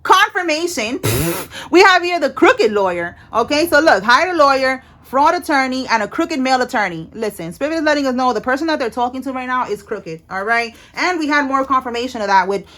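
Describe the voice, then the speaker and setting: A woman's voice: sits high, lively intonation, a little fast, fairly bright tone. Blunt, slangy woman reading tarot. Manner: blunt, slangy and swearing, with frequent "all right?" check-ins. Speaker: tarot reader.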